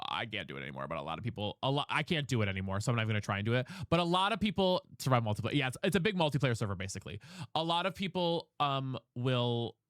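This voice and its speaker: A man's voice: mid-range voice, fairly bright tone, dry recording, studio quality. A young man streamer chatting casually with his chat, reading questions aloud and explaining voice technique.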